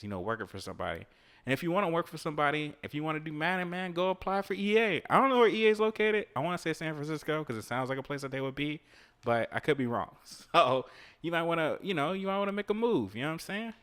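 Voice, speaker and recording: A relaxed man of middle pitch talks off the cuff as a podcast host, giving motivational advice to his listeners. He swears, laughs easily and comments on the video game he is playing as he goes. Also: smooth. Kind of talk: casual motivational monologue.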